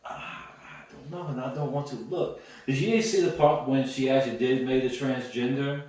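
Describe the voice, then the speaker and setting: A young man co-hosting a podcast blurts out jokes and stumbles through fillers as he talks. His voice has a middling pitch. He sounds distant from the microphone in a room with heavy echo. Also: steady tone, normal speed, darkish tone. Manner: blurting and jokey, lots of fillers. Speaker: podcast co-host. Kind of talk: casual chat. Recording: roomy echo, distant from the mic.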